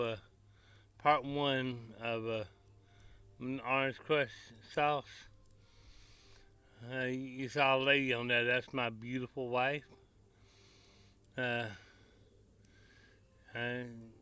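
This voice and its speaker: A man's voice: mid-range voice, sharp tone, smooth. A man with a Tennessee Southern accent, chatting casually outdoors by his grill to his vlog viewers in a folksy, rambling way. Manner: folksy, rambling, country slang. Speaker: barbecue vlogger. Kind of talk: casual outdoor chat to camera.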